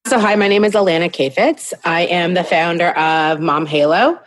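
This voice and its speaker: A woman's voice: lowish voice, moderate pace. Chatty, candid woman guest. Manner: candid, chatty, self-deprecating. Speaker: guest, business founder. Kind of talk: casual interview storytelling. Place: at home.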